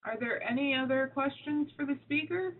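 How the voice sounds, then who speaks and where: A woman moderating a webinar, quietly relaying audience questions. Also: sits high, moderate pace. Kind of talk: reading out audience comments. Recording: tinny phone-like line with faint hiss.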